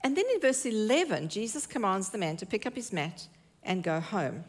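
A woman preaching from the pulpit at a middle pitch, earnest and emphatic. She leans on her key phrases and repeats them to drive each point home. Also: sing-song, brisk. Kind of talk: sermon. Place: church.

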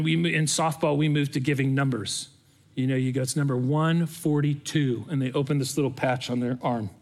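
A middle-aged man preaching a sermon in an earnest, conversational way. His voice sits a little higher than most men's. He leans on plain storytelling rather than grand oratory. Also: creaky, fairly bright tone. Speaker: pastor.

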